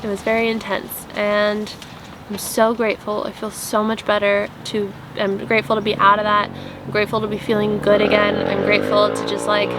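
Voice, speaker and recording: A woman's voice: medium pitch, noisy background. A young woman vlogging casually from a tent at a campsite, earnest and rambling, full of "like" fillers. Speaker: vlogger and app founder. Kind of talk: casual spiritual vlog chat.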